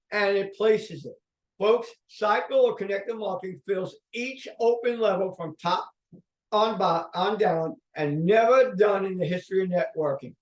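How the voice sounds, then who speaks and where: A man with a high voice gives an energetic sales pitch to a room. He keeps checking in with his listeners. His voice sounds distant and echoey. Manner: upbeat pitching, checks in with "okay?". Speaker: company founder presenting. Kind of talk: sales presentation.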